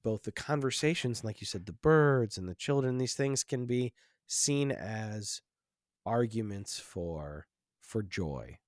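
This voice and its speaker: A man hosts a film podcast in a lowish, expressive voice, speaking slowly. His reflective, casual talk rambles, full of restarts and fillers like "like," and the recording is dry and studio quality.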